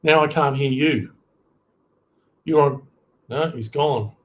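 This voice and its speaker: A man's voice: on the high side, takes it slowly, lo-fi sound. A man joining a livestream by call, joking and teasing the host in casual banter.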